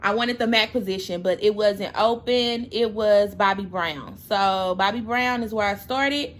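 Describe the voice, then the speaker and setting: A woman's voice: mid-range voice, a little slow. A young woman, chatting casually through a storytime while doing her makeup, emotional and at times close to tears. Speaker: makeup vlogger.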